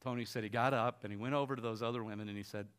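A man preaching, retelling an anecdote with quoted dialogue and ending with a quiet, soft appeal. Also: medium pitch, racing, clear, resonant tone. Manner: retells a story with lively quoted voices, quiet and soft at the close. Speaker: pastor. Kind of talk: sermon storytelling.

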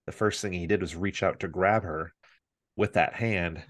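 Low-voiced man telling a lively family story. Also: moderate pace, no room sound. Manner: animated storyteller, acts out family members' voices. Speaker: podcast host. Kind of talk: casual chat.

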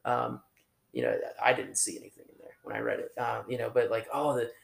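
A man giving an informal, conversational sermon, talking in a halting way with restarts and fillers. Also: medium pitch, sing-song, vocal fry, echoey room. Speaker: preacher.

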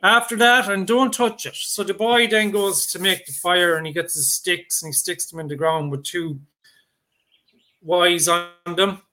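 A man recounting a folk tale in a loose, chatty way, doubling back on his words. His voice sits a little high, with a bright, forceful edge. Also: fairly even intonation, unhurried. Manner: rambling and conversational, with many fillers and restarts. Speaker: storyteller. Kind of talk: oral folk storytelling.

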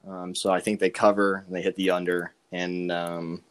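A man's voice: sits low, flat delivery, normal speed, clear, resonant tone. A young man giving sports betting picks on a podcast, joking and rambling with many ums and uhs. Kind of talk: casual sports betting chat.

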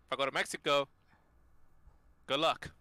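A man's voice: mid-range voice, steady tone, normal speed, sharp tone, no echo. A young man co-hosting a casual podcast chat, joking bluntly and swearing freely.

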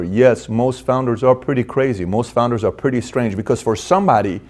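A man's voice: medium pitch, fairly quick, hardly any pauses, darkish tone. A man hosting a motivational business talk, speaking emphatically, repeating phrases and acting out people's inner dialogue. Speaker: host.

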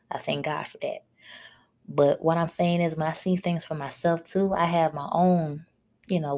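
Woman, podcast host, blunt scolding rant, lowish voice. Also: darkish tone.

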